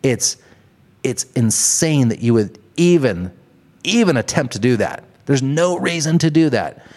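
A man with a middle-pitched voice runs a podcast as a loose, comedic rant. He cusses freely, puts on big exaggerated bits and breaks into laughter at his own jokes. He sounds like a middle-aged guy holding forth about what bugs him. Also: animated, unhurried, a little mellow. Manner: profane, laughing, exaggerated ranting. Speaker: podcast host.

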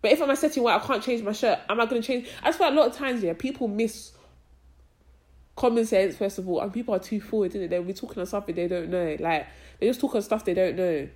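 A young woman talks casually on a podcast. She keeps checking that you follow her, and she gets loud and animated whenever a story riles her. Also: mid-range voice, fast. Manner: chatty, frequent "do you know what I mean", gets loud and animated when ranting. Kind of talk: casual chat.

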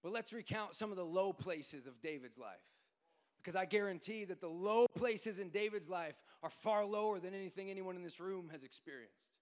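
High-voiced preacher in an echoing hall. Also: male voice, normal speed. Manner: builds from quiet storytelling to shouted, sing-song preaching. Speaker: pastor. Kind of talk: sermon. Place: church sanctuary.

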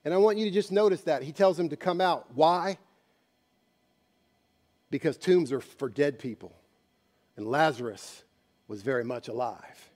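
A man preaching a sermon, telling a story dramatically and moving between hushed passages and loud ones. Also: a little high, moderate pace, long pauses. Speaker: pastor.

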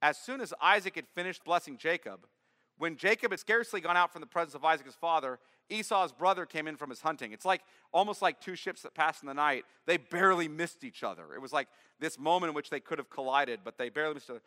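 A man's voice: fairly high pitch, fast, sharp tone, long reverb tail. A man preaching a sermon, reading scripture aloud and then explaining it in plain words. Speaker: pastor. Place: church.

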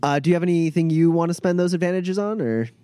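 A man running a tabletop game as game master, narrating with relaxed, filler-heavy speech. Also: a little high, fast, clear, resonant tone, dry recording.

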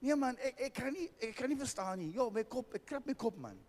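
A man voicing a puzzled, excitable young man with a South African accent, slipping into Afrikaans as he tells of a surprise. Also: extremely high pitch, fairly quick, pitched above the performer's own voice. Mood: bewildered. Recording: long hall reverb.

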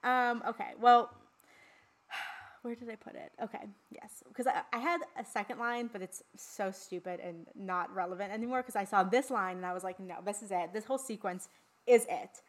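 A woman co-hosting a podcast talks casually about a horror film, chatty and swearing freely with lots of fillers. Her voice is medium pitch at a normal speed.

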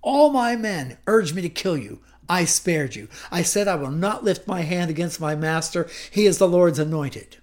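A man voicing a young warrior leader who pleads loudly and passionately with a king. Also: high voice, animated, normal speed, few pauses. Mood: impassioned. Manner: loud, impassioned, declaiming.

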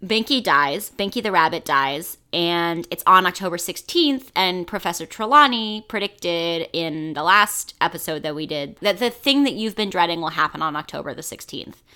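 A young woman co-hosting a podcast in casual chat, blunt, profane and animated. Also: lowish voice, normal speed, few pauses, clear, resonant tone. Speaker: podcast co-host.

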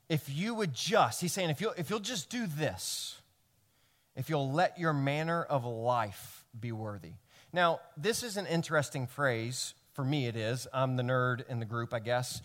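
Earnest Tennessee pastor preaching. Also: male voice, a little high, long reverb tail. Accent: Tennessee Southern. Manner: earnest, animated, rising to emphatic peaks with frequent restarts. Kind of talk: sermon. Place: church sanctuary.

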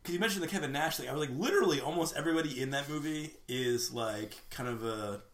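A man's voice: on the high side, quick pace. A man co-hosting a casual movie podcast, bantering and laughing with casual swearing. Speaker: podcast co-host.

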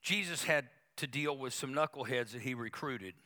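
A man's voice: mid-range voice, normal speed, bright, forceful tone. A male pastor preaching a sermon, emphatic, with repetition and quoted asides to the congregation.

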